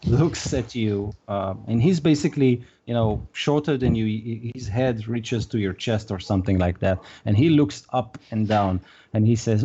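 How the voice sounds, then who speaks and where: A man runs a tabletop game as game master, narrating in a halting way with many pauses. His voice is mellow and dark. The recording sounds dull and lo-fi. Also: on the low side, a little hiss or hum. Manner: halting, full of "uh" and restarts.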